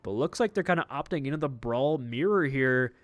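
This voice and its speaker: A man's voice: mid-range voice, expressive, fairly quick, no echo. A man casting a live esports match, chatty and joking as he walks through the play. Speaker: esports caster.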